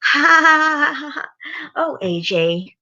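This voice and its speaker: A giggling, unhinged unicorn mare scientist, as a woman reading a storybook puts her on, pitched well above the reader's own gravelly, bright voice. Her sing-song menace comes through a dull, lo-fi recording. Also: moderate pace. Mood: gleeful menace.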